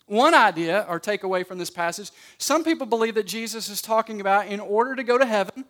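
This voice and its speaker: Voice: mid-range voice, animated, quick pace, a bit bright. A pastor preaching a sermon in a conversational way, often restarting and repeating words and leaning on key words.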